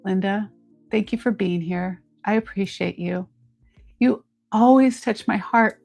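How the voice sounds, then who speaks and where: A woman's voice: mid-range voice, a little slow, creaky, a little mellow, faint music behind. A woman hosting a live jewelry auction stream, chatty and upbeat, talking straight to her viewers. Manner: chatty, upbeat, addresses viewers as "you guys". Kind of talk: live-stream selling chat.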